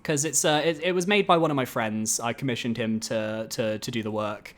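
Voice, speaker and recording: A man streaming a video game who chats casually, gets excitable, swears freely and drifts into rambling asides. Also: medium pitch, a little fast, faint music behind. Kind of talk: casual gameplay commentary.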